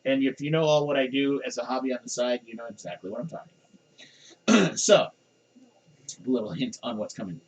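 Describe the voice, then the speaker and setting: A man's voice: mid-range voice, a little fast, pauses often, rough recording. A middle-aged man hosting a podcast, chatting casually and rambling with plenty of fillers. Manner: rambling, animated, chuckles often. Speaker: podcast host. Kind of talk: casual chat.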